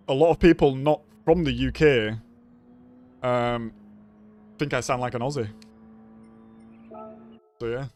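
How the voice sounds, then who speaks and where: A man's voice: mid-range voice, clear, resonant tone. Chatty Yorkshire man streaming a racing game. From Yorkshire, England. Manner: casual, chatty, greets viewers by name. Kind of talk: live gameplay commentary and chat.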